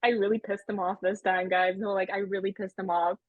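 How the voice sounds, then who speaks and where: A woman's voice: little pitch movement, brisk, no room sound, narrow, tinny audio, lightly acted. A woman voicing a distressed, overwhelmed young female adventurer who wails and hiccups. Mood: distraught. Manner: high, wailing, hiccuping.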